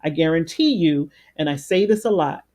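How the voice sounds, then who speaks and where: A woman life coach with a big, loud voice leading a live-streamed guided meditation. She talks conversationally, greets viewers by name and repeats phrases for emphasis. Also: low voice, lively intonation, moderate pace.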